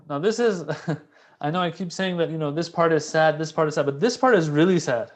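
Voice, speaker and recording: A man giving a casual, conversational religious lecture, animated and repeating key phrases for emphasis. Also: a little high, fairly quick. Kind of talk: casual sermon explaining a classical text.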